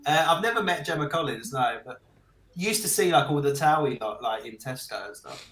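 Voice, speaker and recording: Lively, bright-voiced man from Essex. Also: mid-range voice. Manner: lively, teasing, quick. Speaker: podcast co-host. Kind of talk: casual chat. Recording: roomy echo.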